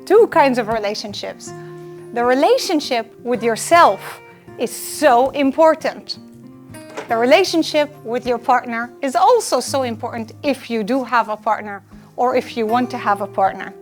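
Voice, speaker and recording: A woman's voice: on the high side, expressive, moderate pace, faint music behind. A woman giving a live lecture to students, earnest and emphatic, driving home her points by repeating them. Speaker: lecturer on personal well-being.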